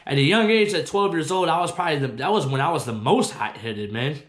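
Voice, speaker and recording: A young man telling a story from his own life, cursing freely and getting worked up as it goes. His voice sits a little high for a man. The sound carries the echo of a bare room. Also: fast talker. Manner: profane, animated storytelling that gets loud when quoting himself. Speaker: host. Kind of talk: casual storytelling.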